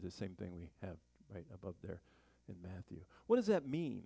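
A man's voice: deep voice, very animated, moderate pace, creaky, hardly any pauses, warm tone, husky, no echo. A man teaching a Bible study in a chatty sermon style, full of joking asides and rhetorical questions.

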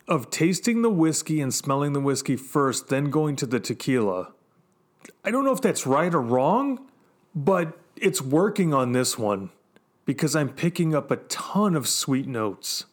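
Upbeat higher-voiced man on a podcast. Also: sing-song, measured pace. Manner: eager, upbeat reactions. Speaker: podcast co-host. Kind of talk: casual tasting chat.

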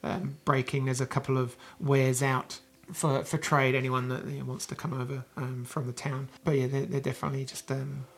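A man's voice: mid-range voice, little pitch movement, fairly quick, few pauses. A man narrating a tabletop game as game master, hesitant and full of restarts. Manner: hesitant, many fillers and restarts.

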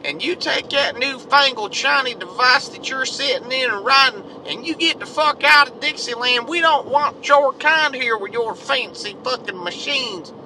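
A man voicing an angry, hostile rural redneck who yells threats at a stranger. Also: animated, moderate pace, few pauses, exaggerated voice. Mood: furious. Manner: shrill, yelling, high-pitched. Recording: distant mic with outdoor noise.

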